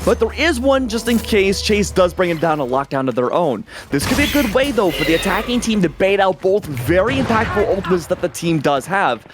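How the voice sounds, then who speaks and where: Excitable high-voiced male game caster. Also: a little fast, hardly any pauses, over music. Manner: energetic, excitable play-by-play. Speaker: esports caster. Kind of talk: live game commentary. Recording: noisy stream audio with game sounds.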